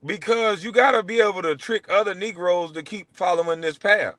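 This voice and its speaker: A middle-aged man hosting his show, ranting in a blunt, profane way and swinging between low mutters and loud outbursts. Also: a little fast, no echo. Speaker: show host. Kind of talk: heated livestream rant.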